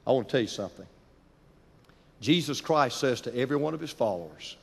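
A man's voice: mid-range voice, lively intonation, a little fast, gravelly, pauses often, slightly rough. Dramatic preacher man in a reverberant hall. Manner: dramatic, building intensity, drops to hushed tones. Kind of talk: sermon storytelling.

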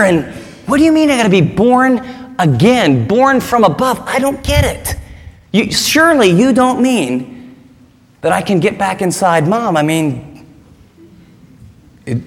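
A man voicing Nicodemus, a puzzled and learned older teacher who keeps questioning in disbelief, recorded with the long reverb of a large hall. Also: high voice. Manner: incredulous, questioning.

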